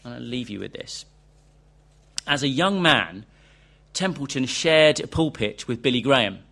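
A man's voice: medium pitch, lively intonation, unhurried, gravelly, bright, forceful tone. A man preaching a sermon, earnest and questioning, reading a quoted interview aloud to his congregation.

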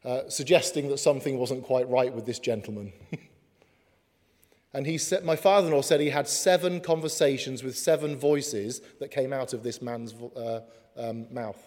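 A man preaching a sermon in an earnest way, slowing down for emphatic lines. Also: mid-range voice, darkish tone. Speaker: pastor. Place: church hall. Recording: long hall reverb.

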